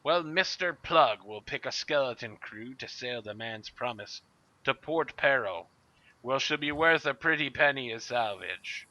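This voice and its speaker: A man voicing a brutal pirate captain in a booming brogue, in a muffled lo-fi recording. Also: expressive, a little slow, pushed and bright, no room sound. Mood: commanding.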